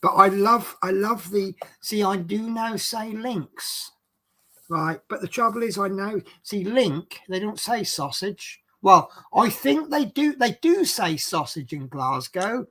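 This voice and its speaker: A man's voice: high voice, animated, slow pace, sharp tone. A man with a Norfolk accent, hosting a casual chat and rambling along in a chatty, self-mocking way. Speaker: podcast host.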